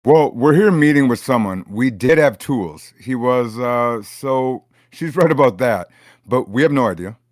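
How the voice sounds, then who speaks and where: A hesitant man on the stand in court, stumbling over fillers as he explains himself, read aloud by a man from a transcript. His voice sits mid-pitch and sounds dry and close. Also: expressive, measured pace, no echo, close to an everyday voice. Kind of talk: comedic court transcript reading.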